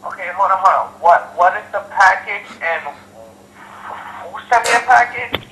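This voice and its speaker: Irate high-voiced man on an echoey phone line. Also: moderate pace, bright, forceful tone, a little hiss or hum. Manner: hostile, profane, repeats himself. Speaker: prank call target. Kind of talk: angry phone conversation. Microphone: telephone.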